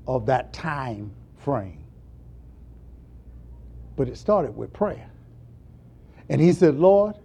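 A man preaching a sermon, moving between quiet asides and impassioned high calls. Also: lo-fi sound, a little hiss or hum.

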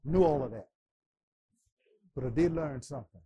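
A man teaching a Bible class, preaching with passion, stammering repetitions and bursts of shouting. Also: medium pitch, moderate pace, husky.

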